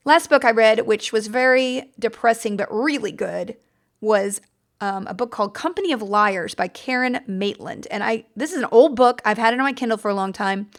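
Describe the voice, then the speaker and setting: An American woman with a somewhat high voice hosts a podcast in a loose, chatty way. She sounds enthusiastic and rambles a little, circling back with fillers and quick self-corrections. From United States. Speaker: podcast host. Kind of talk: casual book-recommendation chat.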